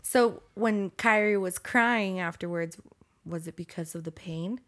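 A woman's voice: lowish voice, unhurried, a bit bright. A woman co-hosting a podcast in casual chat, laughing often as she talks. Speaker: podcast co-host.

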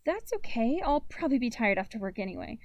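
A woman's voice: fairly high pitch, sing-song, fast, dry recording, pitched above the performer's own voice. A woman voicing a sarcastic, wistful teenage girl in a storybook reading. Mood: wry.

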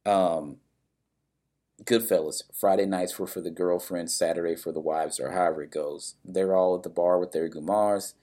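A man's voice: deep voice, steady tone, normal speed, dark tone. A man casually recapping a story and its characters, bluntly and with some swearing, briefly acting out the lines of people in it.

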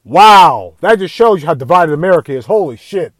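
High-voiced man in a heated, swearing rant. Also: animated, a little fast, no echo. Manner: heated, swearing constantly, raising voice at times. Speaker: video ranter. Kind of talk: angry profane rant.

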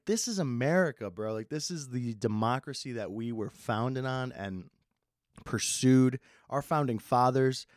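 A young man hosting a casual solo podcast, rambling with sarcasm and plenty of swearing, speeding up and slowing down as he goes. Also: medium pitch, a little mellow, no room sound, clean studio sound. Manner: sarcastic, swears a lot, swings between fast and slow. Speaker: podcast host.

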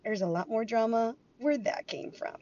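A woman hosting a podcast in a casual monologue, animated and acting out both sides of her arguments. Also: fairly high pitch, normal speed, lo-fi sound. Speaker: podcast host.

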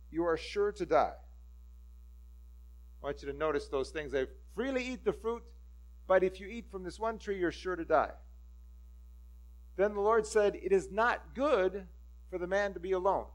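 Animated high-voiced male preacher. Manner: animated, acts out scripture voices. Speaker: pastor. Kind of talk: sermon.

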